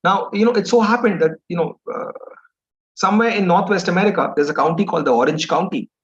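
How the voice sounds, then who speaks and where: A man's voice: sits high, fast. A man with an Indian English accent giving a motivational talk, telling an anecdote in a rambling, conversational way. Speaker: motivational speaker. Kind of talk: storytelling lecture. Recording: dull lo-fi recording.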